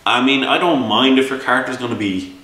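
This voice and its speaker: A man's voice: mid-range voice, fairly quick, sharp tone. An Irish man telling a long, exasperated story about a tabletop game, with many restarts and repeated words. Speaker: game reviewer and game master. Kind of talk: casual spoken review. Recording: echoey room, mic set far off.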